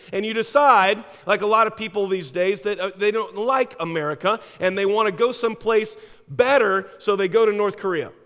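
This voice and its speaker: Animated preacher in an echoing hall. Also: male voice, sits high, clean tone. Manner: animated storytelling, with frequent stammered restarts. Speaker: pastor. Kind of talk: sermon.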